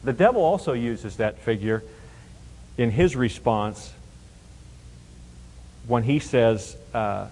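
A man's voice: mid-range voice, animated, measured pace, long pauses, a little mellow, long reverb tail, poor audio. A man teaching a Bible passage verse by verse, emphatic and explanatory, often asking rhetorical questions.

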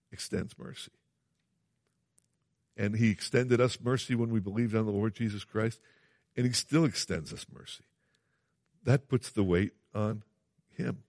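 A man's voice: fairly low pitch, darkish tone, dry recording, clean studio sound. A man preaching a sermon, earnest and emphatic, repeating phrases and asking his listeners questions.

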